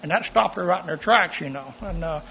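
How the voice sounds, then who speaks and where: Pastor, man, punchy bright tone, joking asides, muffled lo-fi sound. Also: a little high, brisk, creaky, slight background noise. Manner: folksy, animated, joking asides. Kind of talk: sermon.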